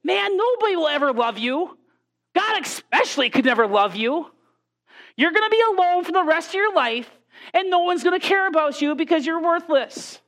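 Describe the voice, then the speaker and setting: A woman's voice: extremely high pitch, expressive, normal speed, fairly bright tone, voice pushed up, exaggerated voice. A woman voicing the devil as a taunting male spirit, sneering and repeating put-downs during a sermon.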